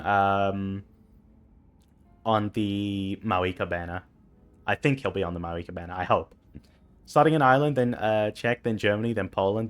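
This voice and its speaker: A man streamer giving casual, gushing commentary while playing a game, an excitable fan. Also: lowish voice.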